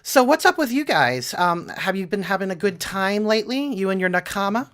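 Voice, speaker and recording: A man's voice: high voice, big pitch swings, fairly quick, fairly bright tone, a little hiss or hum, voice pushed up. A man voicing a sing-song young woman henchman who talks overly sweetly and sprinkles in anime words.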